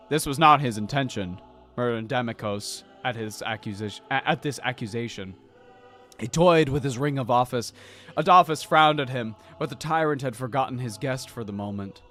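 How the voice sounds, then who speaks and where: A woman podcast host reading a novel aloud in a theatrical, expressive narrating style. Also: a bass voice, normal speed, faint music behind. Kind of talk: dramatic book reading with comic asides.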